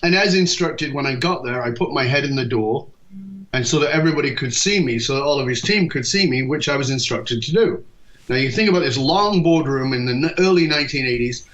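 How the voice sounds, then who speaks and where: A man in his fifties from England, a leadership speaker telling stories in an interview and acting out quoted dialogue. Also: medium pitch. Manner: lively, acts out quoted dialogue, quick asides. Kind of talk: storytelling interview talk. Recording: dull lo-fi podcast recording.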